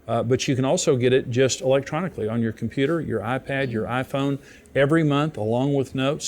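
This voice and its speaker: A ministry host, a man of mid pitch, speaks straight to viewers. His tone is earnest and conversational, a plain appeal delivered without fuss. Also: a little mellow.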